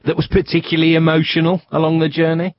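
A man interviewing scientists for a news report, asking brisk questions. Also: on the high side, completely flat delivery, muffled recording, a little hiss or hum.

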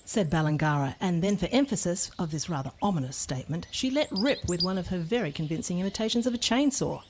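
A woman reading a children's storybook aloud in an expressive, playful way. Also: on the low side, fast, heavy background noise.

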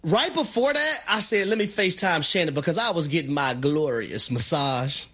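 A male sports radio co-host riffs in an animated, preacher-like style. His voice sits high and swings widely in pitch. The tone is bright and forceful. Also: moderate pace, husky. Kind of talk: sports talk radio banter.

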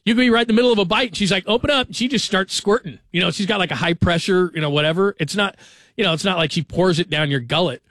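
A man's voice: high voice, quick pace, fairly bright tone, no room sound. A man in his forties hosting a sports radio show, telling joking stories in a chatty, casual way. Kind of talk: casual talk radio monologue.

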